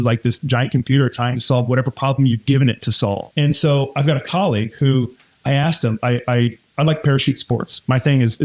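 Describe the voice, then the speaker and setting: A man in his thirties, a podcast guest, telling stories and acting out what people said. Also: mid-range voice. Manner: energetic storyteller, acts out quotes. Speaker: guest, real estate fund CEO. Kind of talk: casual interview talk.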